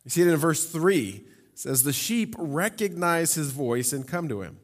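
A man delivers a sermon in an animated voice that rises and falls a great deal, slightly higher than most men. He reads scripture, then talks to the congregation casually and with humor. His voice rings with the long reverb of a large hall. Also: normal speed. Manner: lively, conversational preaching with humor and asides. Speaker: pastor.

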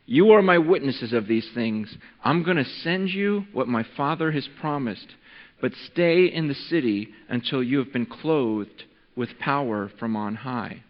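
A man preaching a sermon as pastor, talking in a relaxed, conversational way and working a demonstration with a volunteer. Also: mid-range voice, unhurried. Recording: dull lo-fi recording in a reverberant hall.

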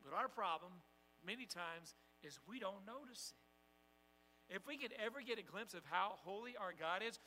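A man preaching a sermon, calling on the congregation to respond and swinging from loud declarations to hushed asides. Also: high-pitched, lively intonation, moderate pace, long reverb tail, slight background noise, poor audio. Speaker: pastor.

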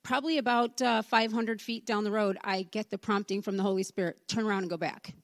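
A woman from the congregation tells a personal testimony as a relaxed story and acts out the dialogue as she goes. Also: mid-range voice, brisk, no echo. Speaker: church member giving a testimony.

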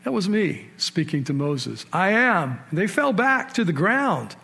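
A man preaching a sermon in a conversational storytelling way, asking his listeners questions and rising sharply in pitch and volume to stress key points. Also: sing-song, measured pace, creaky, slight background noise. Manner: storytelling, with sudden rises in pitch and loudness for emphasis. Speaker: pastor.

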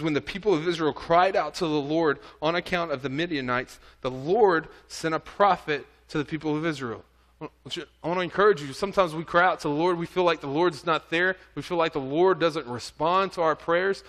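A man whose voice is on the high side and fairly bright preaches in an audio recording of a church service. The pastor reads scripture aloud and earnestly urges his listeners.

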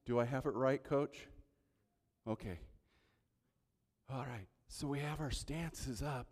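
A man preaching a sermon, moving between soft asides and loud, emphatic peaks. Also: medium pitch, slow pace. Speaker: pastor. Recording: long hall reverb.

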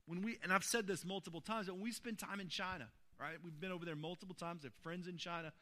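A man's voice: sits high, steady tone, fast, bright, forceful tone. A man preaching a sermon as a pastor, earnest and building to emphatic peaks while telling personal stories in a church.

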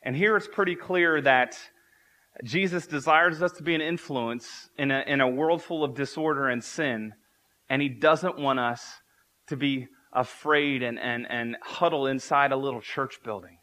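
A man's voice: mid-range voice, unhurried, pushed and bright. A man in his thirties preaching a sermon as pastor, earnest and repeating key phrases for emphasis.

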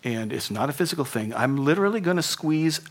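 A preacher playing a gentle, loving Jesus speaking softly to a fallen man. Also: medium pitch, animated, brisk. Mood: tender.

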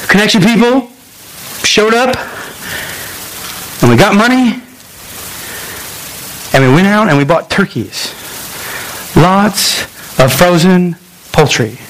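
A man pastor preaching a sermon in a lively storytelling way, acting out voices and making quick asides. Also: sits high, a little hiss or hum, poor audio.

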